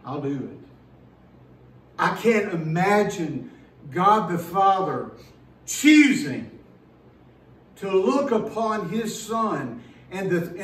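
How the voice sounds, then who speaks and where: A pastor preaching a sermon in an earnest, emphatic way, slowing down and repeating words as he builds a point. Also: sits high, reverberant, distant mic, a little hiss or hum, low-quality recording.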